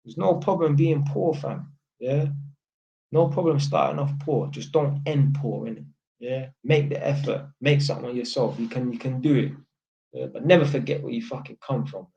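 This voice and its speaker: On his livestream, this North Londoner speaks with a Multicultural London English accent in a gravelly, mellow, medium-pitched voice at a moderate pace. He's blunt and emphatic, swears a lot, and ends lines with tag questions, all in lo-fi audio.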